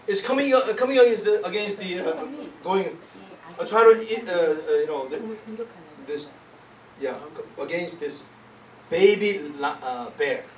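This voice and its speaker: A man preaching a sermon, animated and laughing as he tells a story, pausing often to search for words. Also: high voice. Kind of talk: sermon with live interpreting. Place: church hall. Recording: echoey hall, distant mic, congregation.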